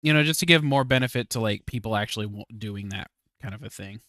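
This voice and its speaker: A man's voice: lowish voice, fast talker, bright, forceful tone, no room sound, clean studio sound. Rambling laid-back game master guy. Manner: rambling, hesitant, laughs often. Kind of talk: casual podcast chat.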